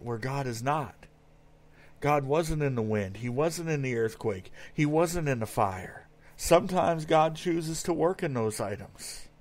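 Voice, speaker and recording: A man preaching a sermon in an earnest way, reading verses aloud and often repeating words as he goes. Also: on the high side.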